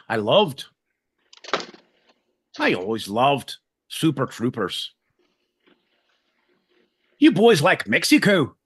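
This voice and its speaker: A man doing a boisterous husky Irishman. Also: medium pitch, a bit bright, heavily acted. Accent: Irish, put on. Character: boisterous Irish man, cult film fan.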